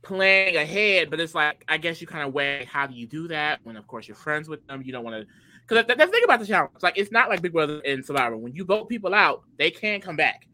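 A podcast co-host recapping a reality competition episode in excitable casual chat, peppering speech with "like.". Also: mid-range voice, fast, low-quality recording. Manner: excitable, animated, fills talk with "like".

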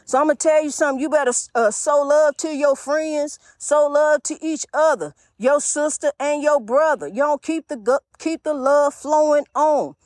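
A woman with a high voice runs her own faith-talk podcast in a loose, chatty style, preaching to her listeners and calling them honey. The recording is dry and close, with almost no room sound. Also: a little mellow, no echo. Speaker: podcast host.

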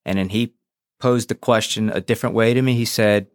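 A man with a low voice tells his story frankly and without polish, swearing and re-enacting old conversations. The sound is close and dry, with no room around it. He sounds like a guest speaking openly on a podcast. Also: fairly even intonation, brisk, clear, resonant tone, dry recording. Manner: frank and profane, re-enacts dialogue. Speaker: podcast guest, former police officer. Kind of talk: candid personal storytelling.

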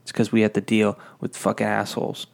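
A young man ranting casually, telling a profane, rambling, exasperated story about a fast-food job. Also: lowish voice, completely flat delivery, gravelly.

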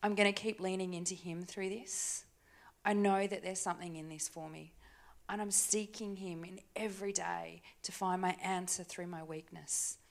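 A woman preaching a sermon in a church, talking conversationally with tag questions and dropping to soft, hushed asides. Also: fairly low pitch, steady tone, normal speed, vocal fry. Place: church stage.

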